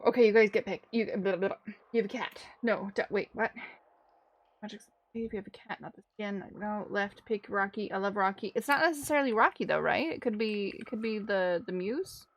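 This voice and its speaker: A woman's voice: medium pitch, brisk, no room sound, dull audio. A woman streaming a video game in casual chat, thinking aloud and reading out game text. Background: game music.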